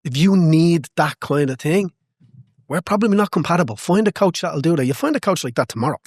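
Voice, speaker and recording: A man's voice: a little high, animated, brisk, a little mellow, husky, no room sound, clean studio sound. A man, a boxing coach, talking as a guest in a podcast interview, passionate and emphatic, repeating phrases to drive home his point.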